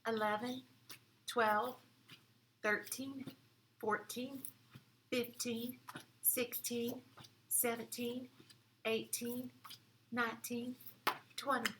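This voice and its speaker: A woman voicing a motherly storybook mama bear, counting slowly aloud for small children. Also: on the high side, level tone, background noise. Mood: gentle.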